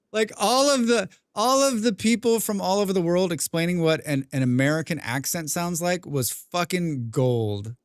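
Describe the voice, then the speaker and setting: A young man streaming a game, chatting casually with his viewers, rambling and clearing his throat often. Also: high-pitched, animated, a little slow, dry recording, studio quality. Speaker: gaming livestreamer. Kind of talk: casual livestream chat while playing.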